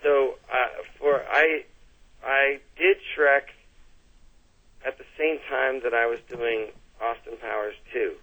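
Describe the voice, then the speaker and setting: A man's voice: medium pitch, steady tone, takes it slowly, phone-quality sound. A middle-aged man with a Canadian accent, chatting as an interview guest and telling stories with lots of restarts and fillers. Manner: chatty storyteller, restarts and fillers, laughs easily. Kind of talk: casual interview chat.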